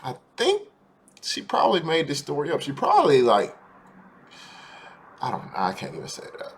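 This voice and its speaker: A man's voice: medium pitch, wildly swooping pitch, fairly quick. A man hosting a reaction video, talking casually and incredulously in colloquial speech.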